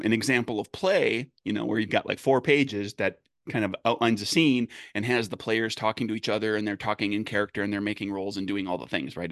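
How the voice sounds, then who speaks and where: A man's voice: on the low side, a bit bright, no room sound, studio quality. A man, a game designer, talking through design ideas in a casual panel chat, full of restarts and fillers. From United States. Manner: halting, many restarts and fillers. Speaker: game designer, podcast host.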